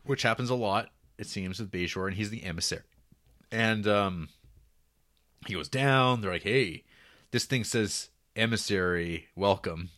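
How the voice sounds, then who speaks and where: A man's voice: fairly low pitch, measured pace, a bit bright. A man co-hosting a casual podcast, recapping TV episode plots in a rambling way and laughing often. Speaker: podcast co-host.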